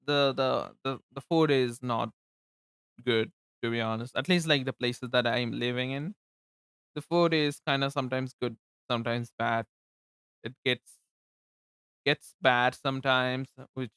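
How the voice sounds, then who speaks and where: A man's voice: medium pitch, unhurried, a bit bright, clean tone, no room sound, clean studio sound. Chatty Indian young man streaming. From eastern India. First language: Bengali. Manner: rambling, laughs often, stumbles and repeats words. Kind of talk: casual livestream chat.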